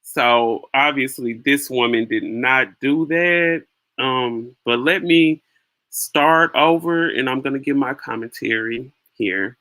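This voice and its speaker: A woman's voice: a bass voice, slow pace, a bit bright. A woman hosting her own channel, giving casual spoken commentary on a video clip and often repeating words as she thinks aloud.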